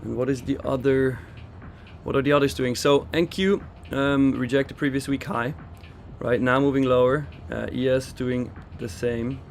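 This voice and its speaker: A man's voice: mid-range voice, fairly even intonation, moderate pace, vocal fry, slight background noise. A man raised in Switzerland hosting a live trading stream, giving casual market commentary and answering viewer chat. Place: in London for a trading expo.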